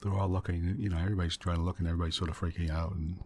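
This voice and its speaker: Deep, quiet rambling man, soft-spoken ASMR. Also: flat delivery, very fast, slight background noise. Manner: quiet, rambling, chuckling storyteller. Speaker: ASMR gaming channel host. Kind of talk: soft-spoken ASMR let's play chat.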